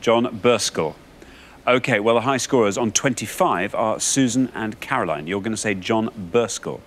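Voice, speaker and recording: A man's voice: on the low side, normal speed, a little hiss or hum. A man hosting a TV quiz show in a studio, genial and jokey as he talks to the contestants.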